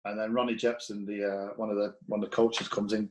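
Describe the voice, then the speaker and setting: A man's voice: fairly low pitch, flat delivery, fairly quick, poor audio. Blunt, profane male storyteller. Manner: profane, blunt, acts out quoted dialogue. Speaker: former footballer, podcast guest. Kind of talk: casual anecdotal storytelling.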